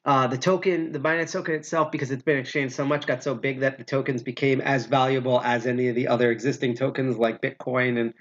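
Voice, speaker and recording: A man's voice: medium pitch, steady tone, fast, hardly any pauses. Rambling, profane man on a lo-fi stream. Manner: rambling, profane, self-correcting. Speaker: podcast host. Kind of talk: casual livestream talk.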